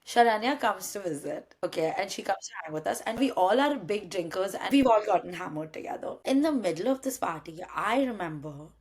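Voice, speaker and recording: A young woman chatting casually, telling a long story with lively energy and acting out what her friends said. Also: medium pitch, a little fast, hardly any pauses, husky. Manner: animated storytelling, acts out quoted friends. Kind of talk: casual chat.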